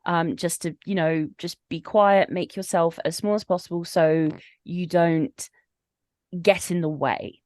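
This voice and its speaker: Hesitant, thoughtful woman guest, lower voice. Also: fairly even intonation, measured pace, no echo, studio quality. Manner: thoughtful, hesitant, many restarts and soft laughs. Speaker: podcast guest, freelance writer. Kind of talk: casual podcast discussion.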